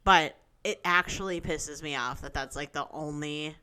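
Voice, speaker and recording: A woman's voice: deep voice, moderate pace, clean tone. A woman co-hosting a podcast, telling a story in casual chat, sprinkling in "like" as she goes. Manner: storytelling with frequent "like" fillers and loud bursts of laughter. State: sick, losing her voice. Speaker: podcast co-host.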